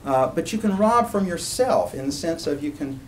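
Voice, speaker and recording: A man's voice: on the high side, lively intonation, normal speed. A man giving an informal university lecture, talking conversationally and drifting into personal anecdotes and asides. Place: lecture room. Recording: distant room recording with faint ambient noise.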